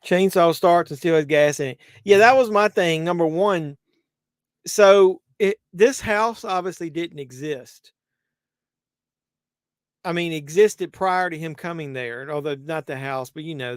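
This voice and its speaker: A man's voice: on the high side, a little slow, smooth, dry recording, studio quality. A man hosting a live movie watch-along, rambling conversationally with many fillers and restarts. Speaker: host.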